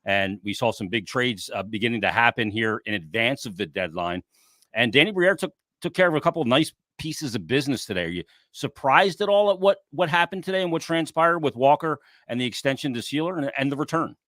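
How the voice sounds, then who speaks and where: A man's voice: mid-range voice, fairly quick, no room sound. A man hosting a sports podcast with a mid-range voice that swings up and down as he talks. He sounds chatty and eager. The recording is dry, with no room sound. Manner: lively, chatty, opens with an announcer-style intro. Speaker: podcast host. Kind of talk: casual sports talk show.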